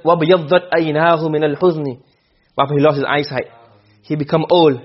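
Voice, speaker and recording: Lecturing his class, a male Arabic rhetoric teacher throws out rapid questions and repeats explanations. His fairly high voice comes out rapid-fire with fairly even intonation. The sound quality is lo-fi.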